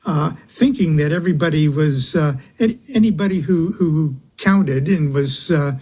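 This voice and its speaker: A man speaking as a guest on a radio interview, halting, with many fillers and small chuckles. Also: a little high, a little mellow, breathy edge.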